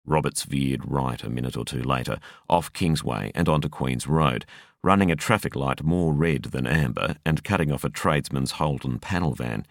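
Very deep-voiced male audiobook narrator. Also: creaky, no room sound, studio quality. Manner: measured, expressive storytelling.

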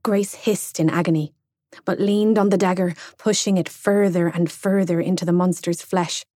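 A young adult woman narrating an audiobook in a slow, measured storytelling read. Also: lowish voice, fairly even intonation, warm tone, no room sound, clean studio sound. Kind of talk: scripted narration.

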